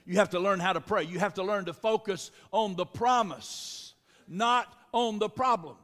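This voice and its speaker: A man's voice: high voice, moderate pace, fairly bright tone. A man preaching a sermon as pastor, exhorting the congregation with repeated calls and responses. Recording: long reverb of a large hall.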